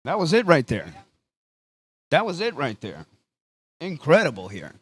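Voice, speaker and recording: Excitable commentator, man. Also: a little high, measured pace, breathy edge. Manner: casual, excitable, mixes in Spanish phrases. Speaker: sports commentator. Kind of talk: live play-by-play commentary.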